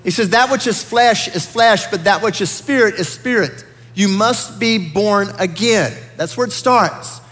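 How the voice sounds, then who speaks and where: A man with a high voice preaching a sermon in a church sanctuary. He talks earnestly and builds up to emphatic peaks. His words ring out with the long reverb of a big hall. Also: measured pace, a bit bright. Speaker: pastor.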